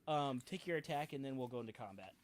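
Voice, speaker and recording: Man running a tabletop game, halting delivery. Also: medium pitch, animated. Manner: halting, many fillers and restarts. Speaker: game master.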